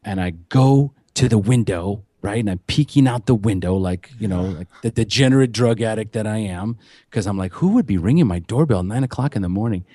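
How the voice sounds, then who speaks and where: A man's voice: fairly low pitch, fairly quick, warm tone, no echo, clean studio sound. A man as a podcast guest, candidly and emotionally recounting his addiction recovery in earnest, unpolished storytelling.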